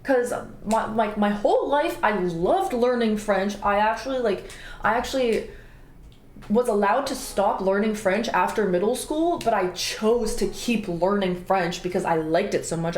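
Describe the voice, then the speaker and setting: A young adult woman streamer in casual chat, telling stories animatedly with big jumps in pitch, swearing often and laughing. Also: normal speed, slight background noise. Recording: roomy echo with faint background music.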